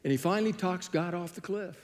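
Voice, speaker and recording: Animated preacher in a reverberant hall. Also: male voice, a little high, a little slow. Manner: animated storytelling, acting out biblical dialogue. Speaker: pastor. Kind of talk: sermon.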